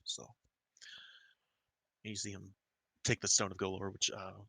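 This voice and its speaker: A man narrating a tabletop game as game master, halting with fillers. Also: low-pitched, monotone, creaky, pushed and bright, a little hiss or hum.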